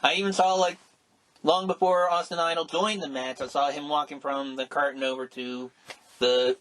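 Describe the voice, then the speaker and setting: A middle-aged man co-hosting a casual podcast, rambling and animated, with many restarts and exclamations. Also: fairly high pitch, moderate pace. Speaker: podcast co-host. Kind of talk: casual chat.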